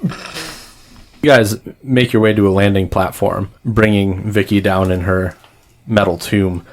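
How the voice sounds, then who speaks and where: A man narrating a tabletop role-playing game as game master, telling the story in an animated way. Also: on the low side, slow, slight background noise.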